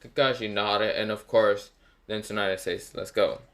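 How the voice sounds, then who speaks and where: A man's voice: on the low side, fairly even intonation, measured pace, fairly bright tone. A man narrating an improvised fan story, rambling with lots of fillers and self-corrections.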